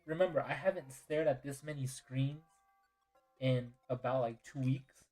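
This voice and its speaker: A man's voice: mid-range voice, measured pace, dark tone, faint music behind, rough recording. A tired man streaming a game and chatting casually with viewers. He yawns, answers chat, and apologizes often. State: tired and yawning.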